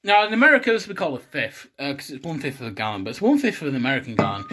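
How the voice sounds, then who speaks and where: A man's voice: mid-range voice, big pitch swings, racing, pushed and bright. A young man rambling and swearing casually while hosting a home cocktail video. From England. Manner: swears a lot, rambling and self-mocking.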